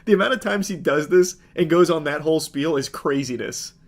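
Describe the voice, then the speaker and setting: A man's voice: a little high, brisk. A man giving sarcastic, incredulous comedic commentary on video clips.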